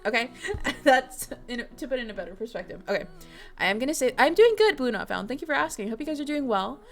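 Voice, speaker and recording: A young woman chatting casually with her stream chat, bubbly and excitable, giggling often with lots of fillers. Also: a little high, fast. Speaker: streamer reading fanfiction to chat. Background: faint music.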